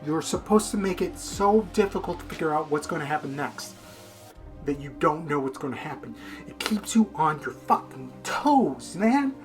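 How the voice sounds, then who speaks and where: A man's voice: a little high, lively intonation, normal speed, faint music behind. A man casually reviewing a manga in a rambling, profane, unfiltered way.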